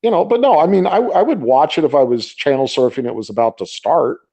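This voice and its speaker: A man co-hosting a casual podcast, answering with wry deadpan jokes. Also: a little high, a little fast. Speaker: podcast co-host. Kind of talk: casual chat.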